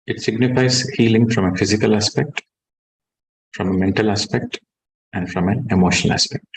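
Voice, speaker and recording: A man, a meditation teacher guiding a session and then giving a calm, measured spiritual talk that stresses key words. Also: lowish voice, vocal fry, poor audio.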